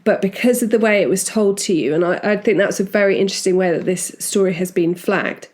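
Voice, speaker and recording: A woman's voice: mid-range voice, fairly quick, a little mellow. A woman hosting a podcast, telling a true-crime story in a casual, chatty way with restarts and asides. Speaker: podcast host.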